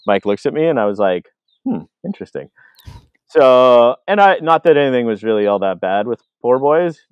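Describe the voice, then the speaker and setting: A Canadian filmmaker telling stories in a casual interview, acting out other people's lines, with lots of fillers. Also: male voice, mid-range voice, a little fast, clean tone, no room sound, muffled recording. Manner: animated, acts out quoted voices, many fillers. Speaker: filmmaker guest. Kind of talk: casual storytelling.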